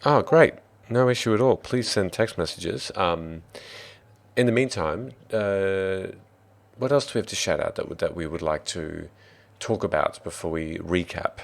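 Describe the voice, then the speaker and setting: A man's voice: low-pitched, moderate pace, creaky. An Australian man who hosts a tabletop game stream as dungeon master, chatting in an upbeat, rambling way. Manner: upbeat, rambling, restarts often. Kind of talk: casual stream chat.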